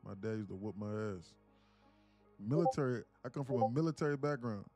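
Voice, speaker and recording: A man's voice: mid-range voice, lively intonation, brisk, warm tone, soft background music. A man, a live-stream day trader, chatting casually and profanely, joking and reading viewers' comments aloud. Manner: joking, profane, slangy, reads chat aloud.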